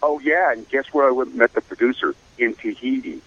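An older man, a voice actor, telling career stories in a casual interview, animated and slipping into voices. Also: medium pitch, a little fast, dry recording, muffled recording. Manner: animated storyteller who slips into voices. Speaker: voice actor guest.

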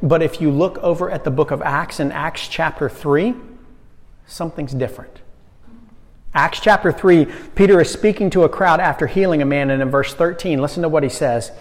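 A man's voice: a little high, normal speed. Man preaching in a reverberant hall. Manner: animated, swings from loud to hushed. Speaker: youth pastor. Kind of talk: sermon.

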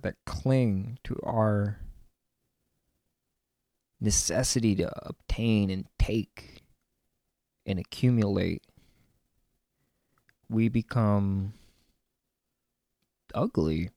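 A man muses through a reflective spiritual talk about a card reading, and his low voice carries a gravelly rasp. He wanders between thoughts with drawn-out words and the occasional whispered aside. The sound is dry and close, with no room around it. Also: warm tone, dry recording. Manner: meandering and musing, with many fillers and stretched-out words. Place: on his own land.

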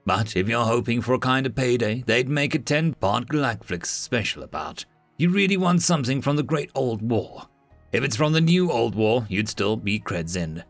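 A man's voice: medium pitch, expressive, moderate pace, dry recording, soft background music. A man voicing a nervous little blue lizard alien scholar who gets defensive and fussy, talking in an audiobook-style story.

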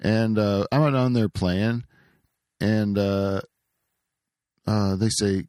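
Low-voiced middle-aged man, dry sound. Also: takes it slowly, long pauses, no echo. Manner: animated storyteller, exaggerates with disgust. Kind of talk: casual chat.

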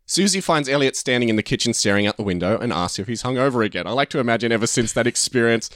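A playful man co-hosting a podcast spins an invented story, pausing to chuckle at his own twists. His voice sits in a middle pitch, recorded dry and close. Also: expressive, fairly bright tone, dry recording. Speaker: podcast co-host. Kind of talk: casual chat, pitching a story.

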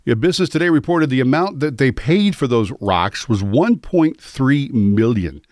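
A man's voice: mid-range voice, expressive, moderate pace, a little mellow, no echo, clean studio sound. A man co-hosting a radio show, chatting casually and laughing along. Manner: laughs along, short agreeing replies. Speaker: radio co-host.

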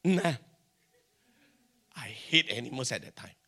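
A middle-aged pastor with a Singaporean English accent preaches a sermon, animatedly telling stories and acting out the dialogue. His medium-pitched voice is bright and forceful, with a slightly slow, animated delivery.

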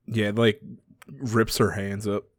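A man's voice: fairly low pitch, little pitch movement, slow, no room sound, studio quality. A man co-hosting a podcast, tossing in short, slangy reactions with some swearing. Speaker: podcast co-host. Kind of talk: casual podcast chat.

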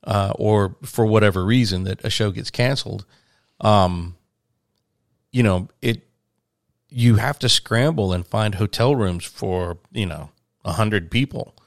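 A man's voice: on the low side, a little slow, vocal fry, no room sound, clean studio sound. A man telling a long, rambling touring anecdote in casual conversation, acting out the quoted voices. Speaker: touring musician guest. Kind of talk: storytelling in casual chat.

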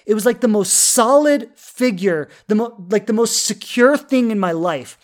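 A woman's voice: fairly high pitch, expressive, moderate pace. A woman in her thirties, a love coach, telling a personal story in an earnest, heartfelt way, full of fillers and restarts. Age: 30s.

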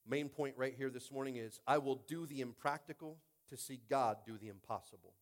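A man's voice: medium pitch, a little fast. A pastor preaching a sermon, reading verses aloud and calling out to his congregation. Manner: animated, calls out to the congregation; reads scripture verses aloud.

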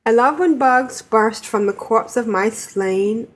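Brief: cheerful female podcast co-host reading listener mail, slightly high voice, unhurried delivery. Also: slight background noise. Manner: cheerful, laughs between lines. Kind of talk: reading listener email aloud.

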